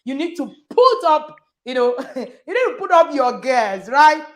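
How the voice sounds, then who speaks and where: A woman's voice: high voice, sing-song, a little slow. A woman, hosting a live parenting session, emphatic and repeating slogans with frequent laughs. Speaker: parenting coach and host. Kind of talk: live online session chat.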